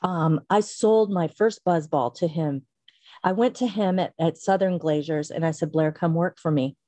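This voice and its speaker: This guest is a middle-aged woman who founded a company, sharing her story in a casual interview at a moderate pace. Her voice is mellow, she acts out quotes with dramatic swings in pitch, and there's no echo.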